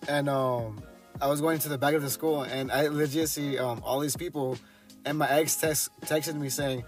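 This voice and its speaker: A man's voice: on the high side, fairly even intonation, moderate pace, faint music behind. Young man rambling through a story. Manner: storytelling, lots of ums and restarts. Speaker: podcast co-host. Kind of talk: casual chat.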